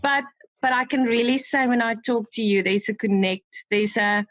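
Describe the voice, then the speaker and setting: A woman speaks as a podcast guest in a fairly high voice. She talks emotionally and warmly, with frequent restarts. Her voice is dry, and the sound is a little dull and muffled. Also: normal speed, dry recording. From South Africa. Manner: emotional, warm, with many restarts.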